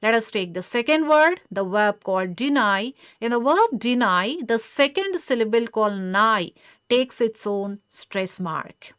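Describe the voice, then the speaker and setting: A woman lecturer giving a measured, explanatory lesson on English pronunciation. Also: a little high, animated, fairly bright tone, clean tone, dry recording, studio quality. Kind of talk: scripted lecture.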